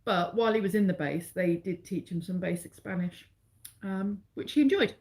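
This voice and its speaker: A woman's voice: on the low side, normal speed, darkish tone. A middle-aged woman with an English accent, chatting casually with live viewers and rambling as she corrects herself along the way. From England. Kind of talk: casual live-stream chat.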